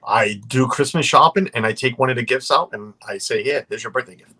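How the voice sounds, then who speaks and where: A man's voice: mid-range voice, brisk, bright, forceful tone, slightly rough. A man hosting a casual livestream video chat, joking and rambling with friends. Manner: joking, rambling, laughs often. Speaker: livestream host.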